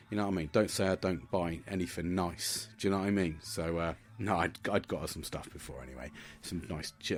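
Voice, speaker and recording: Deep-voiced chatty man. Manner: chatty, swears freely, keeps asking "do you know what I mean". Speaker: podcast host. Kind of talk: casual reflective monologue.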